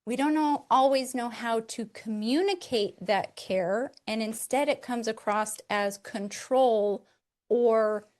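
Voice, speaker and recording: A woman hosting a parenting talk, explaining a point to other parents in a measured way. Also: a little high, darkish tone. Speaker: parenting show host.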